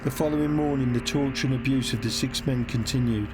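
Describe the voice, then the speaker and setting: A man reads scripted documentary narration in a measured, even way. His pitch is in the middle of the usual range for men. Music plays clearly behind him.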